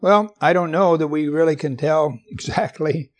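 A man's voice: fairly high pitch, normal speed. A man preaching a sermon, reading scripture aloud and asking his listeners questions, with light humor. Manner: asks the congregation questions, jokes gently.

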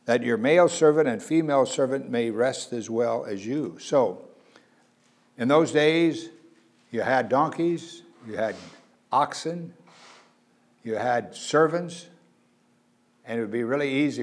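Male preacher, mid-pitched, earnest sermon delivery with loud emphatic peaks and soft asides. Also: a little slow, pauses often. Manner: earnest, varies loudness for emphasis, frequent uh fillers.

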